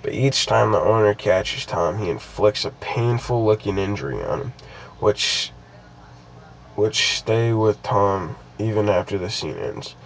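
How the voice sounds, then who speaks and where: A man's voice: fairly low pitch, expressive, unhurried, vocal fry, slight background noise, low-quality recording. A young man casually reading a creepypasta aloud, stopping often to ramble and restart his sentences with lots of fillers. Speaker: creepypasta reader.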